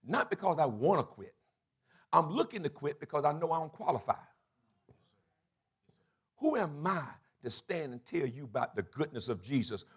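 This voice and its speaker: Husky high-voiced preacher, shouting climaxes. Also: male voice. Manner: acts out quoted voices. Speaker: bishop and pastor. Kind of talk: sermon. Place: church sanctuary.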